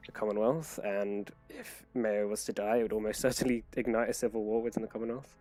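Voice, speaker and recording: A man's voice: fairly low pitch, steady tone, brisk, mellow, faint music behind. Rambling man running a tabletop game. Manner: rambling, many fillers and restarts. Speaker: game master.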